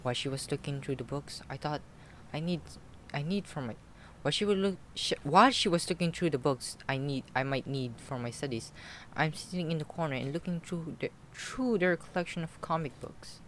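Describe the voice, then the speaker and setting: A man's voice: a little high, a little fast, few pauses, a bit bright, slight background noise. A man reading a visual novel aloud with running commentary, tripping over words and mocking himself. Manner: self-mocking, trips over words and laughs. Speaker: gaming YouTuber.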